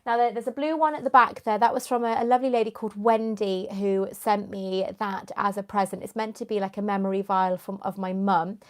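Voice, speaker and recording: A young woman hosting a YouTube live stream chats casually, rambling and answering viewers by name. Her voice is medium-pitched with fairly even intonation, a little fast with few pauses, and she has a runny nose and keeps clearing her throat.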